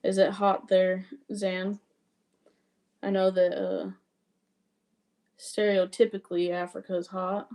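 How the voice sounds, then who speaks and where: A warm, medium-pitched woman speaks at a slow pace with little pitch movement and many pauses. She's a cross-stitch livestreamer from Wyoming, USA, casually chatting and answering viewers in an accent combining Wyoming and Southern Louisiana.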